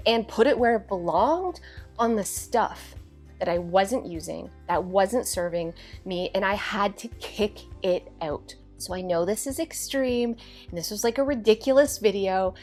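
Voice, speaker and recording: A woman hosting a home organizing video, talking to viewers in an earnest, chatty way. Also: medium pitch. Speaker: home organizing channel host. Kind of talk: casual chat.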